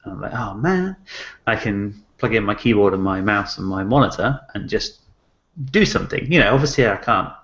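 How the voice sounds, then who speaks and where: A man's voice: on the low side, fairly quick, a bit bright. A man co-hosting a tech podcast, talking enthusiastically and thinking aloud with lots of "you know"s. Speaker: podcast co-host. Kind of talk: casual tech chat. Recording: slightly muffled podcast audio.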